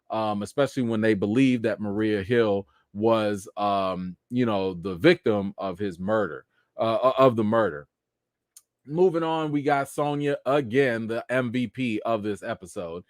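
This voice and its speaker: A man with a medium-pitched voice, recorded dry and clean in a studio, hosts a live chat reaction and review of a TV episode. He talks casually, filling his speech with lots of "you know."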